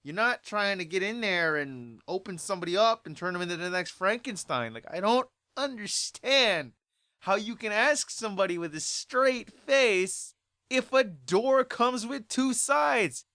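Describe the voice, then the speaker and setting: A vlogger telling a story as an exasperated rant, repeating points and bursting into loud outbursts. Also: medium pitch, animated, a little slow, dry recording.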